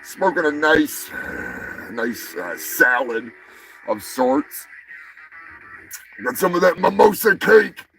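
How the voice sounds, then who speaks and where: Gravelly, crude, ranting stream host. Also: male voice, fairly high pitch, big pitch swings, takes it slowly, pauses often, faint music behind, rough recording. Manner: loud, swearing, mock-angry, shouts and mutters. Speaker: livestream comedy news host. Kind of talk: crude ranting livestream banter.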